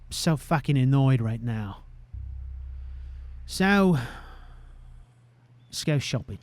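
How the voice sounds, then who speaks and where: A young man talking through a video game in a loose, casual way, cursing often and ending lines with a questioning "eh?". His voice sits at a middle pitch for a man. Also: expressive, slow pace, darkish tone, no echo. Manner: profane, ends sentences with "eh?". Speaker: gamer. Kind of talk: casual gameplay commentary.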